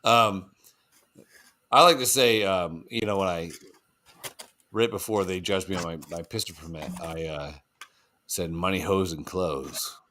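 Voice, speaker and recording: A man co-hosting a casual podcast, telling stories and dropping deadpan jokes. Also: deep voice, measured pace, long pauses, slight background noise. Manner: joking, deadpan asides. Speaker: podcast co-host. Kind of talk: casual chat.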